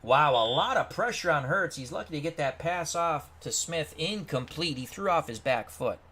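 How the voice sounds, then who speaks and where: A man giving play-by-play commentary on a computer football game, bursting into shouts at big plays and reading viewer chat aloud. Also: fairly high pitch, lively intonation, normal speed. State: out of breath.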